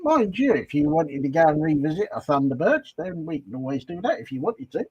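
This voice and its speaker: British male co-host, husky, somewhat high, animated, mostly short replies. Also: fairly quick, dull audio. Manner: brief replies, greets viewers by name. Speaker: co-host of a model-making live stream. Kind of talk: casual chat.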